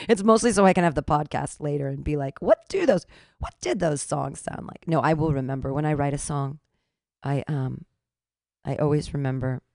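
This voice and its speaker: A woman's voice: low-pitched, darkish tone, no echo, studio quality. A young woman hosting a radio show who sings her own comic songs without accompaniment and chats with laughs and fillers. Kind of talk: casual a cappella singing and chat.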